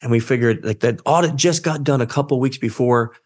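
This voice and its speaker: A man telling a story as a guest in a career interview, acting out the dialogue and jumping up in pitch when he quotes people. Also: brisk. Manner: animated, acts out quoted dialogue with his voice jumping up. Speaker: guest, social engineer.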